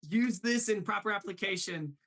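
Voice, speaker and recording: A man's voice: high voice, fairly bright tone. A man hosting a live show, chatting casually about voice impressions and reading questions from the chat. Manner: chatty, quick asides, reads chat aloud.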